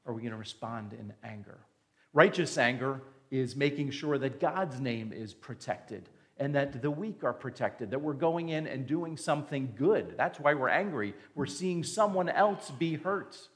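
A male pastor preaching a sermon, emphatic and fond of rhetorical questions. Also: medium pitch.

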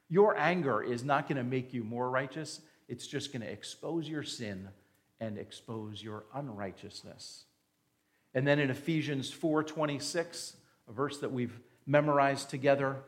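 A man's voice: medium pitch, expressive, a little slow. A male pastor preaching a sermon, emphatic and fond of rhetorical questions.

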